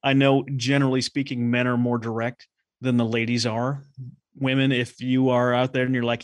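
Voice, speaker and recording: This podcast guest, a nonprofit consultant, speaks at normal speed with a medium-pitched, steady male voice and no room sound. The interview chat is casual and direct, and he brings plenty of enthusiasm and stories.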